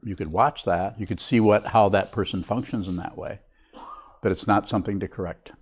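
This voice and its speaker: An older man, a Buddhist teacher, giving a reflective, unhurried dharma talk to a meditation group. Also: lowish voice, slightly rough.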